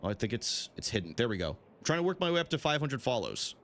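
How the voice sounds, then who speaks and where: Young male streamer, animated casual delivery, curses freely, faint background noise. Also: mid-range voice, fast. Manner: chatty, answers chat, swears freely. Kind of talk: casual live-stream chat while gaming.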